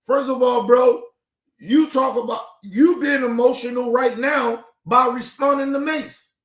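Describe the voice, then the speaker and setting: A man's voice: very high-pitched, normal speed. A man hosting a stream, reacting to a clip in a heated, profane rant full of repetition. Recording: echoey room.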